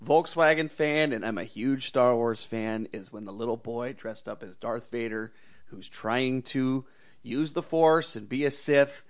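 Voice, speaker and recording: A man's voice: mid-range voice, measured pace. Enthusiastic man in his forties. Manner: enthusiastic, stumbles and repeats words. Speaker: podcast co-host. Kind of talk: casual chat.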